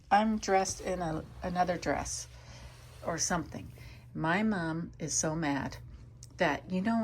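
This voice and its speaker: An older woman from Canada chats to her cat at home, wandering from story to story. Her voice keeps dropping into a hushed whisper, with a faint hum of room noise behind her. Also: on the low side. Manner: rambling, often drops to a soft whisper. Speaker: vlogger talking to her cat. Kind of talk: casual storytelling to a pet.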